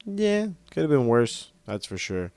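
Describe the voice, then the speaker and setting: A man's voice: mid-range voice, very animated, unhurried, vocal fry, a little mellow, no room sound. A man co-hosting a podcast, chatting casually and enthusiastically, swearing now and then. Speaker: podcast co-host. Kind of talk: casual wrestling review chat.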